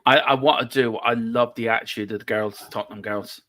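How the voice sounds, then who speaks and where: Joking around with the host of a live football watchalong, a man from a fan channel talks fairly quickly in a mid-range voice and puts on silly voices. He is animated throughout, and the recording is dry.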